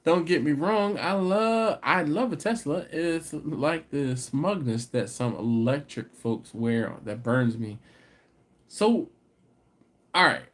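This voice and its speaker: This barbecue channel host chats loosely on a live stream and takes viewer comments, his voice on the high side and slow-paced. Animated and quick to laugh, he climbs into exasperated rants.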